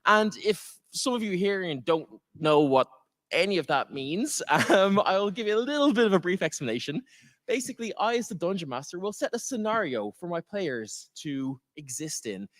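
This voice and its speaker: A man's voice: sits high, lively intonation, moderate pace, fairly bright tone. An Irish man acting as dungeon master for a live tabletop game podcast on stage in a convention auditorium, playful and laughing with the crowd.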